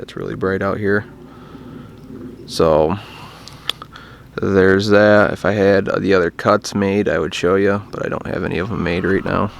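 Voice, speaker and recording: Low, flat-voiced man teaching outdoors. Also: measured pace, vocal fry, a little hiss or hum. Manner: relaxed, plainspoken, self-deprecating, with fillers. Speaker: hunting call instructor. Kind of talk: casual outdoor how-to. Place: outdoors in bright sun.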